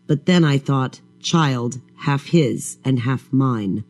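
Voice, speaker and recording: A man reading a first-person horror story in a slow, measured, brooding way. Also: medium pitch, darkish tone. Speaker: audiobook narrator.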